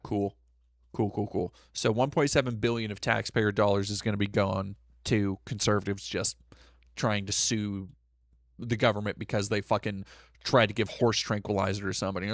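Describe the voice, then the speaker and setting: A man's voice: fairly low pitch, normal speed, dry recording, studio quality. A man hosting a live stream, ranting casually with lots of swearing. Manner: profane, animated, ranting. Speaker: streamer host.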